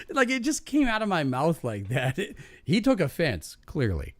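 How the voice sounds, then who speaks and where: A man's voice: a little high, no echo. Podcast guy ranting about an old job, swears a lot, voice jumps all over, dry close mic. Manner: animated, swearing, acts out quoted voices. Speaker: podcast host. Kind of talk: casual storytelling.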